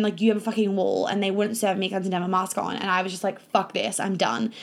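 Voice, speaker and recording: Woman, young, casual vlog, chatty, lots of fillers, swears, medium pitch. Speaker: vlogger and coach.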